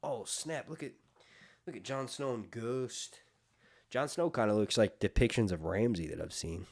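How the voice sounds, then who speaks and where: Excitable chatty man reviewing a book. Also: mid-range voice, normal speed, creaky. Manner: excitable, laughs easily, chatty asides. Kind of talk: casual chat and book reading.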